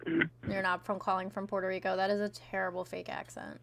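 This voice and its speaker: A woman's voice: medium pitch, level tone, a little fast, vocal fry, a bit bright. A woman hosting a live call-in stream who bluntly questions and challenges her callers. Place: in Florida.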